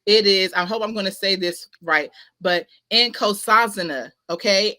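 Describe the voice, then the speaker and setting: Emphatic woman host, bright crisp tone, slangy motivational livestream talk, repeats herself for emphasis. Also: medium pitch, normal speed, few pauses. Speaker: host of a spiritual talk show. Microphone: ring light setup, webcam-style stream.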